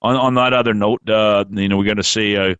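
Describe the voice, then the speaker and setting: A man hosting a podcast in casual chat, rambling and halting, swearing freely. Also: fairly low pitch, steady tone, a bit bright, clear, resonant tone, no echo, dull audio. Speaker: podcast host.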